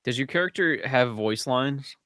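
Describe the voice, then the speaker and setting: Excitable guy on a podcast, bright lively voice, swears a lot, dry mic. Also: medium pitch, normal speed, no room sound. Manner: excitable, swears and laughs loudly. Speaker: podcast guest. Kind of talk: casual chat.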